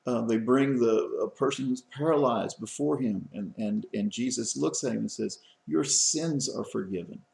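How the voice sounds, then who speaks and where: A man's voice: medium pitch, moderate pace, creaky, few pauses, a little mellow, reverberant. A man giving a college lecture in a conversational way, full of fillers and restarts. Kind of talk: classroom lecture. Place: lecture room.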